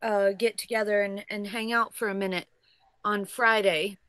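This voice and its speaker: A woman's voice: mid-range voice, fairly even intonation, normal speed, a bit bright, clear, resonant tone. A woman co-hosting a casual show, reading out tips with upbeat thanks and dry comebacks. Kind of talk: casual chat.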